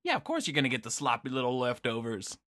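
A man's voice: medium pitch, wildly swooping pitch, fast talker, pushed and bright, no room sound, clean studio sound. A man co-hosting a podcast, rambling and restarting in casual chat. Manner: rambling, stop-start musing. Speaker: podcast co-host.

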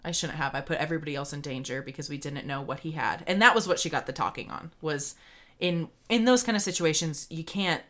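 A woman's voice: sits low, fast, a bit bright. A woman co-hosting a podcast, telling a story in casual chat with frequent laughter. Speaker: podcast co-host.

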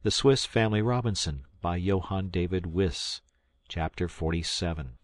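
A man with a very low voice reads an old novel aloud at a measured, steady pace. The sound is close and dry, with no room around it. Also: no echo. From South Carolina, United States. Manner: measured, steady reading that lifts into dialogue. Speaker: volunteer audiobook reader. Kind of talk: audiobook narration.

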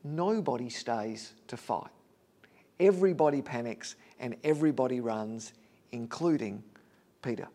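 A man preaching a sermon as a vivid story, his voice swinging between loud and hushed. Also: mid-range voice, unhurried.

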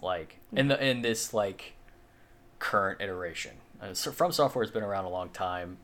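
A man's voice: sits low, lively intonation, normal speed, a bit bright. A man co-hosting a podcast in casual chat, rambling with lots of fillers and the odd swear. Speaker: podcast co-host.

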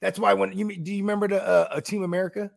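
A man's voice: high voice, flat delivery, rapid-fire, creaky. A man co-hosting a podcast in casual chat, rambling and slangy, swearing freely and filling with "you know what I mean". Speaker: podcast co-host.

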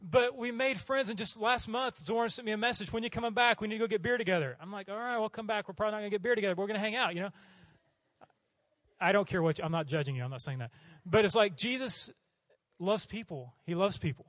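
Middle-aged male missionary preacher from Oklahoma, quick and animated storyteller, slightly high voice, dry close sound. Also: no echo. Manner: animated, acts out voices in his stories. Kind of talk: storytelling sermon.

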